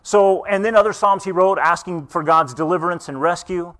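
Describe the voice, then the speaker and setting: A pastor preaching a conversational sermon in church, earnest and asking the congregation questions. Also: male voice, sits high, brisk, a bit bright.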